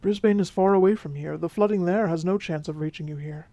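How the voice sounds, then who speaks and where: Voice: medium pitch, a little fast, dry recording, lo-fi sound, lightly acted. A performer playing a charming, flirtatious male vampire who speaks with a Mexican Spanish accent, teasing and then soothing in an audio role-play drama. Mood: reassuring. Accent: Mexican Spanish accent, put on by the figure. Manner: teasing, warm, soothing, drops to whispers.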